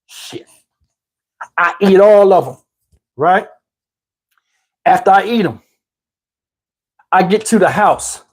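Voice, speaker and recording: A middle-aged man from New Jersey telling a comic story in a casual, animated, profane way, talking to listeners as y'all. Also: high voice, slow pace, long pauses, husky.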